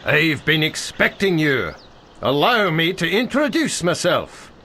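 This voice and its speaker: A stammering, fawning guide. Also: male voice, a little high, very animated, unhurried, bright, forceful tone, slight background noise, heavily acted. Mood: courtly. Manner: stammering, flowery and eager to please. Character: nervous, fawning male guide character. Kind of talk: video game voice acting.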